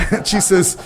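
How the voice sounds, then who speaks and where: Older man telling animated showbiz stories. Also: high voice. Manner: animated storyteller acting out quoted voices. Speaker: guest actor. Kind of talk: interview storytelling.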